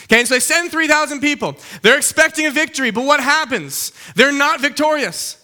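Bright, high-voiced young male preacher. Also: fairly quick. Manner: animated, conversational, keeps checking in with "okay?". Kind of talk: casual teaching sermon.

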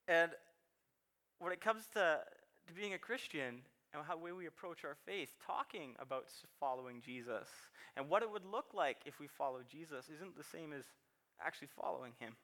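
A man's voice: a little high, expressive, normal speed, a bit bright. A man in his thirties preaching a sermon in a chatty, self-deprecating way, laughing often and repeating words. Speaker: pastor.

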